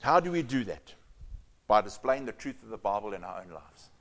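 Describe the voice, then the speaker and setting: A man preaching a sermon, moving from loud emphatic lines to hushed, almost whispered asides. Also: on the low side, animated, brisk. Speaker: pastor.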